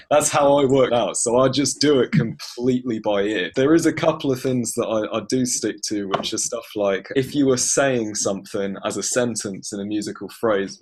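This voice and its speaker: A low-voiced man walks through his production process in a thoughtful, unhurried way. He hedges often and leans on filler words as he explains how he works by ear. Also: husky. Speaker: guest music producer.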